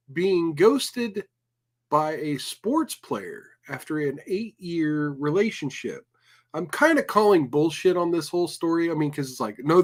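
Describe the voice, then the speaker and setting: A man hosting a livestream, reacting to a clip with profane, sarcastic commentary. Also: on the high side. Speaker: livestream host. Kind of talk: casual commentary on clips.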